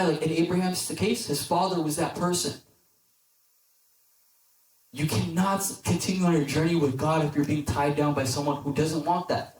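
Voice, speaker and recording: A man's voice: on the high side, slight background noise. Casual young man preaching in an echoey hall. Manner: conversational, lots of "like", animated when quoting characters. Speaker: deacon preacher at youth group. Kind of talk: casual youth sermon with storytelling. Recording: echoey hall, mic at a distance.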